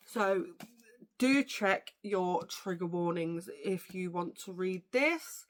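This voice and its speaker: A woman's voice: fairly low pitch, animated, slow. Chatty woman gushing about books. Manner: chatty and gushing, with frequent fillers. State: tired and yawning. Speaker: book vlogger. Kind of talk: casual chat about books.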